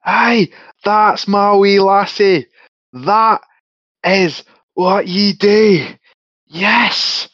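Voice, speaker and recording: A man's voice: sits high, very slow, fairly bright tone, dry recording, highs cut off, voice pushed up, exaggerated voice. A man voicing a burly, jubilant warrior.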